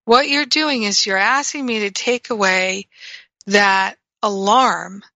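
A woman's voice: mid-range voice, fairly even intonation, takes it slowly, pushed and bright, no echo, dull audio. A woman teaching in a reflective spiritual talk, telling stories and acting out her own reactions. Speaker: spiritual teacher and radio host.

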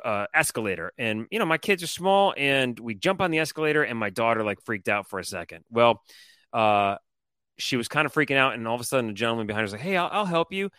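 A man telling a story on a podcast in a casual, animated, profane and rambling way. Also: mid-range voice, no echo, clean studio sound. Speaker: co-host.

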